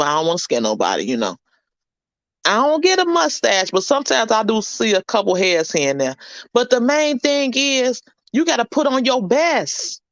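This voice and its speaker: A woman vlogger giving an animated, preachy and comic motivational talk on her channel, full of blunt slang and the odd swear word. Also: a little high, dry recording, dull audio. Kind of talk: motivational live-stream chat.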